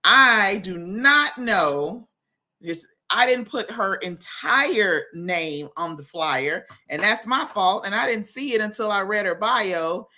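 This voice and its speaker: Bright, effusive woman host. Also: mid-range voice, animated, slow. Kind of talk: lively talk-show chat.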